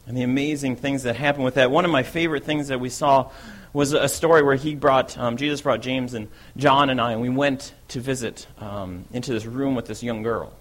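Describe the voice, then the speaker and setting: An eager, bold fisherman apostle, as a man plays him in a first-person dramatic monologue. He tells his story in a loose, conversational way. He keeps checking in with a quick "right?". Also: mid-range voice, steady tone, close to an everyday voice. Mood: wondering.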